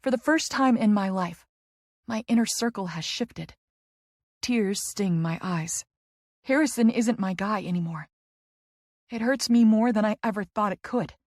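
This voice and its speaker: A woman's voice: medium pitch, darkish tone, dry recording. A woman narrating a first-person romance audiobook in an intimate, emotional storytelling manner on a close studio mic.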